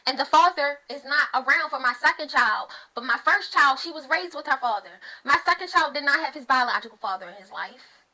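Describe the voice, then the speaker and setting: A woman's voice: high-pitched, expressive, fairly quick, bright, forceful tone, rough recording. A woman and mother giving a blunt, profane rant to camera, repeating phrases for emphasis. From United States. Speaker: mother of two, online host. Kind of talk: ranting commentary to camera.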